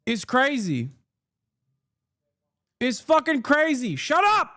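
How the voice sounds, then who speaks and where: A man's voice: very high voice, wildly swooping pitch, slow pace, sharp tone, dry recording, clean studio sound. A man streaming political commentary, ranting heatedly and sarcastically with plenty of profanity. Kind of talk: live-stream rant commentary.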